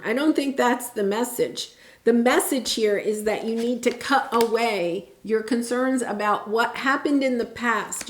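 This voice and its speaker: A woman's voice: on the high side, echoey room. A woman giving a casual tarot reading, talking in an earnest, reassuring way with many fillers and restarts. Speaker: tarot reader.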